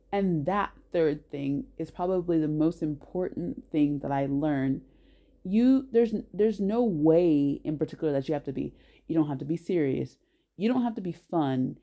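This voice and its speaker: Speaking to camera with a low-pitched voice, a woman recounts something from her own life. She's emphatic and lively, and she keeps stopping mid-sentence to correct herself.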